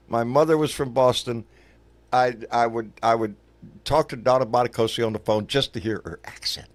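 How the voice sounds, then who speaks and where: A man's voice: mid-range voice, normal speed. An older man hosting a casual livestream chat, rambling and folksy, swearing casually. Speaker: show host.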